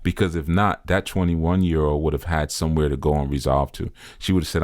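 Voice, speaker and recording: A man with a very low, deep voice gives an earnest commentary in the manner of a preacher, driving his points home by saying them again. He sounds close and dry, with no room around him. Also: steady tone, a little fast, a little mellow, no room sound. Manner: earnest, preacher-like, repeats phrases for emphasis. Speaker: spiritual teacher commenting on a video. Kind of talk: reflective commentary monologue.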